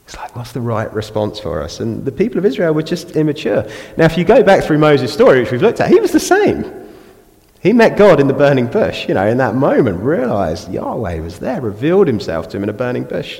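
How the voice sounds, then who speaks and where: A man with an English accent preaching a sermon in a church, animated, acting out the voices of people praying and grumbling. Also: fairly high pitch, a little fast. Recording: long reverb of a church hall.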